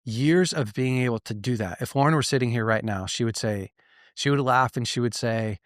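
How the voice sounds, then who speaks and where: A pastor in his thirties or forties speaks earnestly to his listeners at a mid-range pitch, posing rhetorical questions and restarting his sentences as he drives his points home. His voice can catch and sound choked. It is recorded close and dry, with no room sound. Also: moderate pace, dry recording. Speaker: pastor and podcast host. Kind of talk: direct-to-listener podcast teaching.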